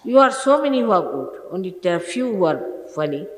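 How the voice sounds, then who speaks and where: A woman's voice: fairly low pitch, sing-song, a little fast. Older woman, spiritual teacher, stern emphatic sermon, rhetorical questions; roomy hall reverb, old archive tape. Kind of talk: informal sermon to followers.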